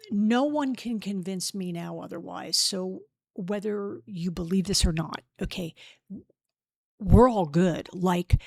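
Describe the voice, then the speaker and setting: A woman's voice: mid-range voice, creaky, darkish tone, no room sound. A middle-aged woman hosting a personal grief podcast, speaking in an earnest, heartfelt, openly emotional way. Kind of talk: personal spiritual grief talk.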